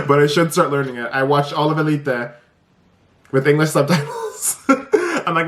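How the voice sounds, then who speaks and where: A man in his twenties talking casually to the camera in a vlog, saying "like" a lot and laughing between sentences. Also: fast. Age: 20s. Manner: chatty, says "like" a lot, laughs mid-sentence; swings up high and animated for quoted bits. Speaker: vlogger.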